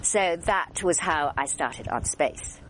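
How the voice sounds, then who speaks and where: An older Englishwoman with a slightly low voice, recalling her career in a chatty interview. She tells her anecdotes lively, with plenty of fillers and restarts. There is a faint hiss behind her. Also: slow pace, low-quality recording. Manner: lively storyteller, acts out quoted voices. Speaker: actress interviewee.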